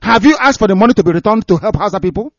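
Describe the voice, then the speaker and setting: A man's voice: sits high, expressive, racing, dry recording. A man with a Nigerian accent, a broadcaster delivering impassioned commentary and ranting with repeated phrases for emphasis. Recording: dry, dull lo-fi recording.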